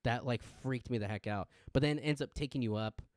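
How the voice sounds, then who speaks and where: A man chatting on a podcast, telling stories with plenty of life and acting out what people said. His voice sits at a middle pitch and sounds dry and close, with no room around it. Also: fast, dry recording. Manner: animated storyteller, acts out quotes with loud yelps. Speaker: podcast co-host. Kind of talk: casual chat.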